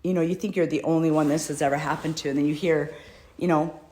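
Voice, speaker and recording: This fast-talking American mother, middle-aged with a low, deep and darkish voice, speaks directly into the camera. Though her tone holds steady, her words are emotional, earnest and pleading, a personal plea instead of scripted lines.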